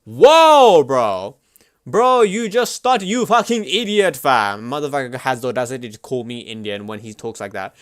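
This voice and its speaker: A man streaming live at his computer, chatting casually in an excitable, slangy, swear-heavy way. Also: mid-range voice, moderate pace, dry recording, clean studio sound.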